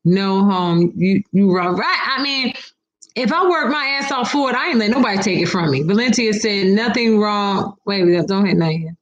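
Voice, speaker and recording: A woman's voice: mid-range voice, expressive, moderate pace, roomy sound, muffled recording. A woman hosting a casual livestream, reading viewer comments aloud and talking back to her audience with a sassy, laughing manner.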